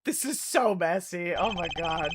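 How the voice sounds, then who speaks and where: A woman's voice: on the low side, expressive, measured pace, noisy background. A woman hosting a game playthrough, reacting with swearing and outbursts of disbelief. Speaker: let's play host. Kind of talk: casual game commentary. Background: game music.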